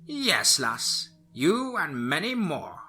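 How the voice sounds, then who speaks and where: A man's voice: fairly high pitch, huge pitch swings, takes it slowly, bright, forceful tone, soft background music, pitched above the performer's own voice, full character voice. A man voicing a cruel old witch woman who taunts a young girl and calls her lass. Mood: mocking.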